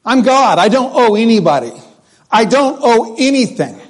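Man doing God, male deity, indignant, rebuking, emphatic questions, high voice. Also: very animated, normal speed, exaggerated voice.

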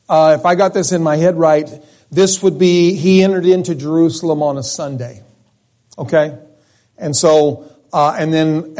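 In a church sanctuary, a pastor leads a prayer and then teaches conversationally, restarting phrases and asking the congregation questions. His voice is high and a little mellow.

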